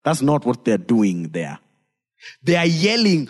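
A male pastor preaching a sermon in a lively, joking way, acting out bits as he teaches. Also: mid-range voice, normal speed, long reverb tail. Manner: lively, joking, retelling with voices.

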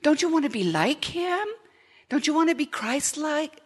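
A woman's voice: sits high, very animated, moderate pace, in a large hall, pitched above the performer's own voice. A woman voicing a sly male serpent tempter, speaking in coaxing, wheedling questions.

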